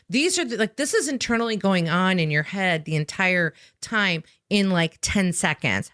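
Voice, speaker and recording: A woman's voice: fairly low pitch, animated, moderate pace, few pauses, fairly bright tone, no room sound, studio quality. A woman, a sales trainer with an improv background, explaining with energy and emphasis, often tagging a questioning "right?" onto her points. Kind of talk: conversational podcast explanation.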